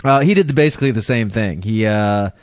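A man's voice: on the low side, fairly quick, no echo. A man co-hosting a casual podcast, reading news stories aloud with crude jokes, often stumbling over names and laughing mid-sentence. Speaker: podcast co-host.

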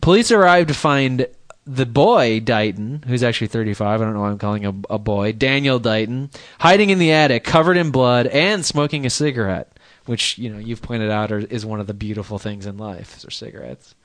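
A man's voice: medium pitch, a little fast, dry recording, clean studio sound. A man co-hosting a podcast in casual chat, reading news stories aloud with joking asides. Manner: rambling, jokey, reads news aloud with asides.

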